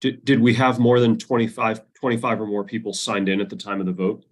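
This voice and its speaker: Meeting member, man, raspy and low, inquisitive. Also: flat delivery, brisk. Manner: questioning, probing. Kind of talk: virtual meeting. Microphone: video call.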